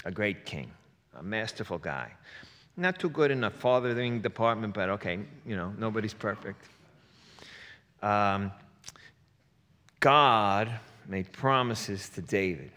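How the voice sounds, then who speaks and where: A man's voice: fairly low pitch, expressive, unhurried, pauses often, pushed and bright. A man preaching a sermon in a conversational way, with joking asides and playful rhymes. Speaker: pastor. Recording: long hall reverb.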